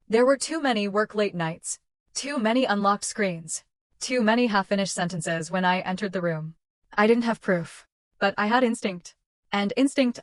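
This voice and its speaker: Dry, measured woman narrator. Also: mid-range voice, no echo. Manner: measured, clipped dramatic delivery. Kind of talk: scripted first-person story narration.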